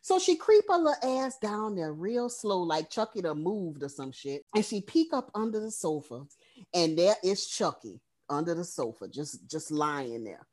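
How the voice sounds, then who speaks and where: A woman's voice: lowish voice, sing-song, normal speed, darkish tone. A woman co-hosting a podcast, recapping a horror film in casual, profane storytelling. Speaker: podcast co-host.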